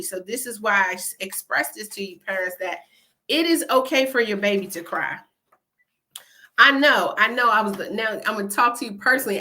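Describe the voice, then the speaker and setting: A woman's voice: medium pitch, pushed and bright. A woman hosting a parenting video, talking casually and emphatically to the viewer, checking in with "all right?" and laughing now and then. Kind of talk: casual talk to camera.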